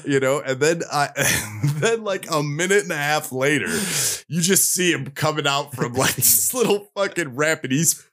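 A man casually telling a long anecdote on a podcast, profane and animated, slipping into voices of the people he describes. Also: fairly high pitch, moderate pace, few pauses. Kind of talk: casual storytelling chat.

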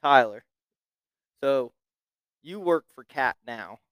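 A man's voice: medium pitch, animated, a bit bright, clear, resonant tone, no room sound. A man hosting a podcast, asking a guest questions in casual chat and reacting with plenty of swearing. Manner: profane, laid-back, quick reactions. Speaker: podcast host.

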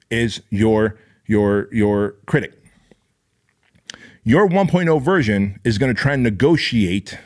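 A man hosting a podcast, delivering an intense, profane, emphatic motivational monologue. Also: mid-range voice. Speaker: podcast host.

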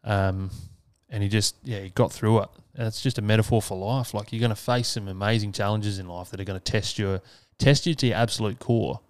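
A man's voice: lowish voice, fairly even intonation, brisk, no room sound. An Australian man hosting a solo podcast, talking casually and earnestly, swearing freely. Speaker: podcast host.

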